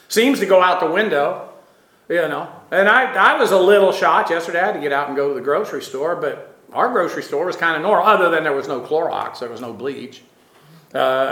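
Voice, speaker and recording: Middle-aged male pastor, high and bright, casual rambling sermon delivery, echoey room. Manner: rambling, conversational, many fillers and asides.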